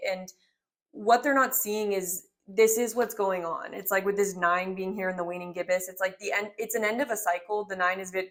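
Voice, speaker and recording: A woman's voice: mid-range voice, a bit bright. A woman in her twenties doing a casual tarot reading, talking in a rambling, heartfelt way full of filler words. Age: 20s. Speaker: tarot reader.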